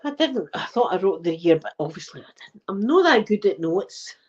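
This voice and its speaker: Chatty Scottish woman, rambling and animated. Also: medium pitch, normal speed, husky, lo-fi sound. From Scotland. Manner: rambling, animated storytelling with swearing. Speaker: ASMR livestream host. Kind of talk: casual live-stream chat.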